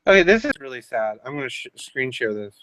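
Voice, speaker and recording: A man's voice: medium pitch, sing-song, fast, fairly bright tone. A man hosting a casual chat stream, joking and laughing often. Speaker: stream host. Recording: dry, dull lo-fi mic.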